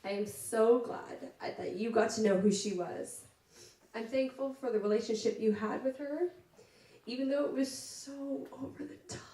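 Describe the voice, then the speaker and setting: A woman's voice: on the high side, normal speed, dark tone. A woman, the bride, giving an emotional wedding speech, tearful and laughing through her words at a cottage party. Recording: roomy sound from a distant mic.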